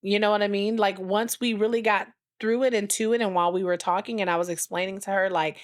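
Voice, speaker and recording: A woman in her thirties co-hosting a podcast, telling stories in a casual, animated way and acting out dialogue. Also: medium pitch, quick pace, hardly any pauses. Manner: animated storyteller, acts out dialogue with her daughter. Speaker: podcast co-host. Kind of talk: casual chat.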